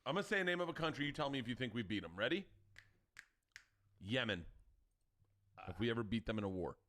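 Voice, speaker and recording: Excitable man with a lively pitch. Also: quick pace. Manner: loud, excitable, laughs often. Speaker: comedian co-host. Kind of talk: casual podcast banter.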